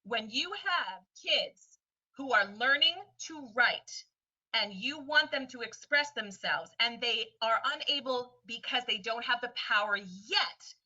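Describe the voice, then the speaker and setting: A woman teacher presenting a webinar lesson in a lively way, often slipping into quick voices for students and friends. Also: fairly high pitch. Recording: distant, dull lo-fi sound.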